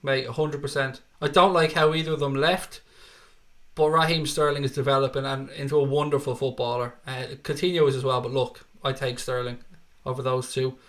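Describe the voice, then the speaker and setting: A man's voice: mid-range voice, little pitch movement, fairly quick, a bit bright. A man from Dublin with an Irish accent, hosting a live football watchalong, chatting casually, swearing freely and reading viewer comments aloud between bits of match commentary. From Ireland. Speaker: livestream host.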